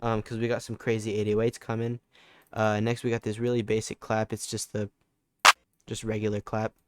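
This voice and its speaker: Laid-back young man, low even voice. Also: moderate pace, very noisy. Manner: laid-back, loose, with fillers and restarts. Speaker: music producer tutor. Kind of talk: casual screen-recorded tutorial.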